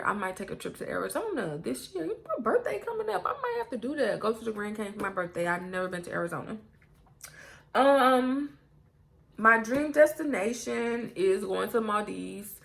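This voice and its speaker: A young woman with a gravelly voice, answering get-to-know-me questions in a candid, blunt manner and swearing freely. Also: mid-range voice, expressive, brisk, fairly bright tone. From United States. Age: young adult. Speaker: YouTuber.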